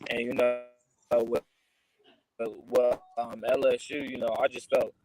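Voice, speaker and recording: A teenage boy answering interview questions in a laid-back, halting way, with many restarts. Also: medium pitch, little pitch movement, a crowd in the background, rough recording. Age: teens. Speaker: guest, high school football recruit.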